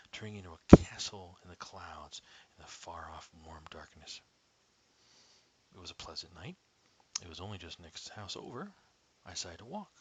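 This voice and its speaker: A man narrating his own first-person story at a measured pace, often dropping to a hushed whisper. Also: low-pitched, slight background noise, poor audio.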